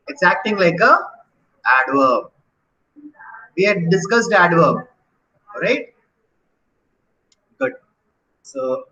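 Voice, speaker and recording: Man, grammar teacher, high and bright, questioning style, roomy echo. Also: highs cut off, a little hiss or hum. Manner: questioning, encouraging, repeats "right?". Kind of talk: online grammar lesson.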